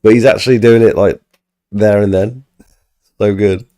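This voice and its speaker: A man's voice: lowish voice, fairly even intonation, normal speed, warm tone. A man live-streaming, casually reacting to a video in a laid-back, chatty way, often laughing.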